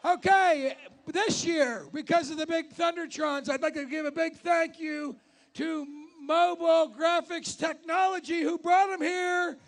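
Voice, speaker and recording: A man co-hosting an outdoor ceremony, joking and shouting out thanks to the crew. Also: extremely high pitch, gravelly.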